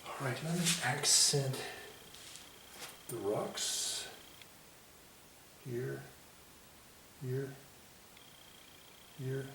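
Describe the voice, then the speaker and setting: A man giving a painting lesson, talking himself through each stroke in an unhurried, self-commenting way. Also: mid-range voice, creaky. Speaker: painting instructor. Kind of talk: painting demonstration. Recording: echoey room, mic at a distance, faint hiss.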